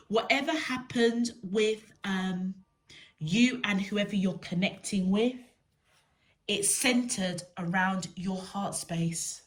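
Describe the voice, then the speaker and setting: A woman giving a spiritual tarot reading, slow and emphatic, repeating words for stress. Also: mid-range voice. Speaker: tarot reader.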